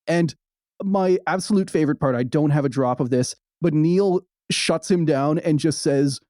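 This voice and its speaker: Wry fast-talking male podcast co-host. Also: fairly high pitch, warm tone, no echo, studio quality. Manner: wry, fast-talking recapper with quick asides. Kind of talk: casual podcast chat.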